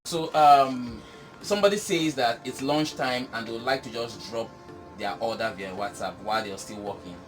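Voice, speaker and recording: Animated man talking business over music. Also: medium pitch, moderate pace. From Nigeria. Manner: animated, emphatic, laughs often. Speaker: business guest. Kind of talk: casual chat.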